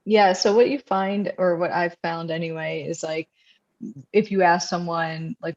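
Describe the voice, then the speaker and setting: A woman with a somewhat low voice chats as a guest author, loose and full of fillers, slipping into quick voices when she quotes people. The sound is dull and lo-fi, as if coming through a video call. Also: fairly even intonation, darkish tone. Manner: chatty, many fillers, acts out quoted voices. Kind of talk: casual conversation.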